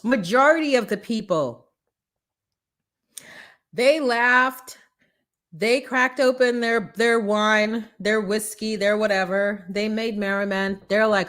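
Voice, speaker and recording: A woman hosting a live morning show, giving a preachy, animated motivational talk full of acted-out quotes. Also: medium pitch, slow pace, long pauses.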